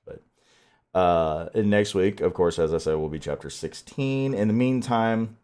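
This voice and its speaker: A man's voice: lowish voice, measured pace, a little mellow, clean tone. A man chatting casually and rambling, stammering as he talks to his dog. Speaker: audiobook narrator and streamer. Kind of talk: casual chat.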